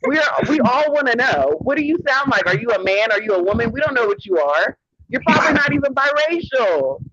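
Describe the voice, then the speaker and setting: A man's voice: very high voice, very animated, a little fast, a bit bright, a little hiss or hum. A man hosting a livestream, delivering a heated rant in a sassy, profane way and calling people honey. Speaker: livestream host. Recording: dull lo-fi stream audio.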